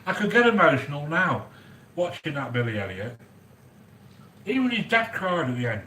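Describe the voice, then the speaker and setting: A man with a fairly high voice rambles excitedly while cooking, chatting to viewers by name. The room is echoey with faint noise behind him. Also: normal speed. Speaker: cooking video host. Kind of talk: chatty cooking livestream monologue.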